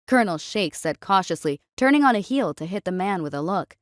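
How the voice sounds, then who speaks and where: A woman reading a science fiction story aloud in a steady, even storytelling voice. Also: on the low side, brisk, few pauses, dry recording, clean studio sound. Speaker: narrator. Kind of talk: scripted story narration.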